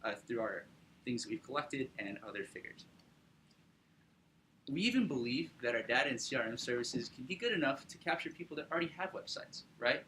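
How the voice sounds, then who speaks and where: A young man casually pitching his startup to an audience, upbeat, with lots of fillers and tag questions. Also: expressive, brisk, background noise. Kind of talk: business pitch presentation.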